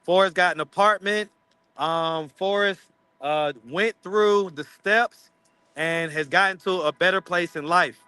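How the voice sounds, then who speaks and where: A man's voice: high voice, a little slow, pushed and bright, clear, resonant tone, no echo. A man hosting a casual livestream chat, rambling and teasing his viewers. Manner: rambling, teasing, laughs often. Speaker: street interview channel host.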